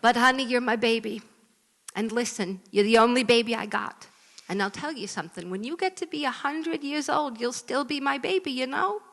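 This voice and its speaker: A plaintive, guilt-tripping older mother , as a woman puts her on in a live sketch, bright and a little high, drawing out her pleas. The voice rings with the long reverb of a hall. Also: moderate pace. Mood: nagging.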